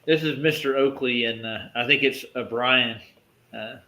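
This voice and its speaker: A man's voice: medium pitch, fairly even intonation, normal speed, pushed and bright, roomy sound. A man hosting a live stream, chatting casually and laughing often. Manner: laid-back, laughs often. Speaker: stream host. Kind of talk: casual chat.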